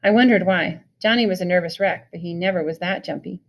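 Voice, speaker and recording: A woman reading a novel chapter aloud in a steady, expressive way. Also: fairly low pitch, quick pace. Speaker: reader.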